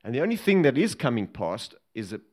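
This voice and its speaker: A man's voice: mid-range voice, fairly quick. A man from Africa, a former bodyguard telling a humorous story to a live audience and laughing along with it. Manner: lively and humorous, laughing at his own story.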